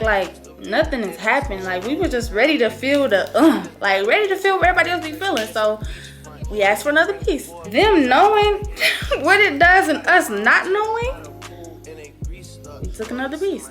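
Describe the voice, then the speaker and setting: A woman's voice: sits high, a bit bright. A woman in her early twenties telling a story to camera in a casual vlog, slangy and profane. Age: early 20s. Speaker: vlogger.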